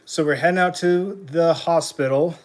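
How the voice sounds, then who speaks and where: A man's voice: fairly high pitch, steady tone, moderate pace. A young man hosting a casual livestream while riding an exercise bike, slightly out of breath, chatting and hyping up his viewers. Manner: talks while pedaling an exercise bike, a bit winded; upbeat hype when greeting chat. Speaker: livestream host.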